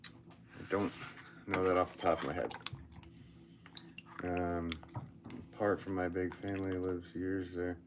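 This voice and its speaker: A man's voice: deep voice, steady tone, measured pace, pauses often, a little hiss or hum. A man from Connecticut with a Connecticut accent, a potter hosting a livestream from his studio, reading viewer comments and joking at his own expense. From Connecticut, USA. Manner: chatty, joking, self-mocking, restarts often.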